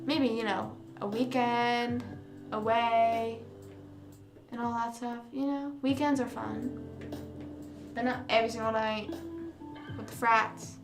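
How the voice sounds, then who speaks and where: A young woman host chats casually with her viewers, rambling along with plenty of fillers and false starts. Her voice sits a little high, and it carries some room echo. Music plays clearly in the background. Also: little pitch movement, slow, pauses often. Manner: rambling, self-correcting, many fillers. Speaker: livestream host. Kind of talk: casual chat with live viewers. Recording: roomy sound with music behind.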